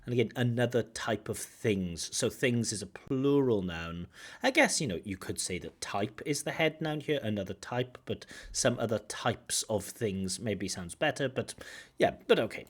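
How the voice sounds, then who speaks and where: A man with a lively, animated pitch talks as an examiner and teacher. He explains each point of a recorded speaking test, pausing often to comment on grammar and pronunciation. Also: slightly rough. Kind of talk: spoken exam feedback.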